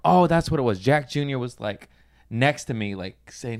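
A man's voice: medium pitch, moderate pace, clean tone, dry recording. A man in his thirties chats loosely on a comedy podcast, swearing freely and jumping into silly voices as he acts out his stories. His voice sits in the middle range. The sound is dry and close to the mic. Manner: animated storytelling, swearing, acting out quotes. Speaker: stand-up comedian, guest. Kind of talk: casual podcast chat.

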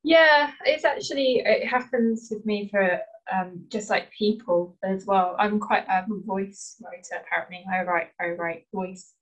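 A woman with a Northern English accent, an author chatting relaxed and laughing easily on a video call. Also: medium pitch, a little slow, few pauses, rough recording. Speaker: author being interviewed. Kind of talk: casual chat.

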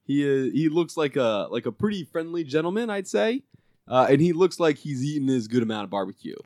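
A man co-hosting a casual podcast, joking and laughing through relaxed banter. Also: a little high, a little fast, dry recording, studio quality. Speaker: podcast co-host. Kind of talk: casual chat.

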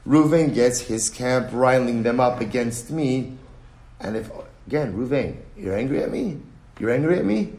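A man teaching a text study lesson in an animated way, full of rhetorical questions. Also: fairly high pitch, moderate pace. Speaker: Talmud teacher. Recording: roomy echo.

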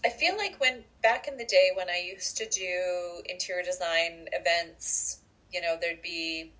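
A woman co-hosting a podcast, chatting casually and telling stories with lively asides. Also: fairly low pitch, measured pace, low-quality recording. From Canada. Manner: chatty, animated storytelling with asides. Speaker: podcast co-host. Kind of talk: casual chat.

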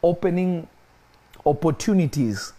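A man's voice: lively intonation, unhurried, warm tone. A man preaching in a spiritual discussion, emphatic and repeating his key points. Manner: emphatic, repeats key phrases, rises in pitch when stressing points.

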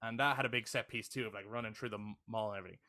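A man's voice: fairly low pitch, fairly even intonation, racing, sharp tone. A young adult man co-hosting a podcast in casual chat, enthusiastic and casually swearing, often checking in with "right?". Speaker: podcast co-host.

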